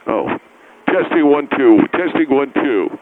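A man's voice: medium pitch, animated, a little slow. A man co-hosting a podcast, ranting in an exasperated, profane way. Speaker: podcast co-host. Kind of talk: casual comedic banter. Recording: tinny phone-like line with loud noise.

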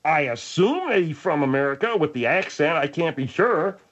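A man playing a husky, muddled, contrary male studio sidekick who argues in circles. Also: fairly high pitch, very animated, moderate pace, fairly bright tone, highs cut off.

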